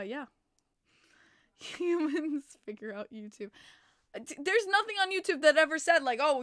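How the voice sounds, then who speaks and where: A chatty woman hosts a casual livestream, her voice bright and a little high. She talks loosely, with plenty of fillers, and laughs often. The sound is dry and close to the mic. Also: no room sound. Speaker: podcast host.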